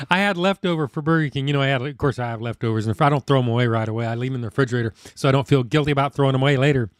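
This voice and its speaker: A man's voice: fairly high pitch, clean tone, dry recording, studio quality. A middle-aged man, hosting a casual food live stream, chatting in a rambling, folksy way and reading out viewer comments. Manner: rambling, folksy, complains about fast food.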